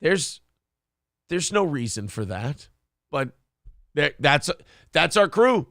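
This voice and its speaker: A man's voice: on the high side, very animated, slow, a bit bright, no room sound, clean studio sound. A man hosting a casual live-stream morning show, rambling jokily and reading viewer comments aloud. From Minnesota. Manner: rambling, jokey, reads chat comments aloud. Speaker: show host.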